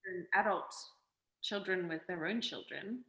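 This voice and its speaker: Bright, chatty Australian woman. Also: on the low side, normal speed, reverberant. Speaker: actress guest. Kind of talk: casual interview chat.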